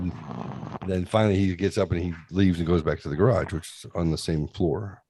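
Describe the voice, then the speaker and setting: A young man on a podcast, telling a profane, rambling story in a casual, animated way. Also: deep voice, brisk, slight background noise. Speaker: podcast host.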